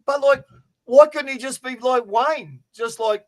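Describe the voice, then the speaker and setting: A man co-hosting a fantasy sports podcast, telling stories in a loud, sweary, animated way over a remote call. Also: very high voice, a little slow. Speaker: podcast co-host.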